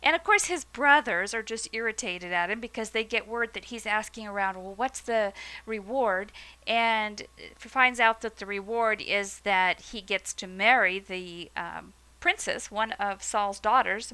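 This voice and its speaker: A woman teaching a Bible lesson, retelling the story in a lively, conversational way with asides. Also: medium pitch, normal speed, hardly any pauses, clean tone, poor audio.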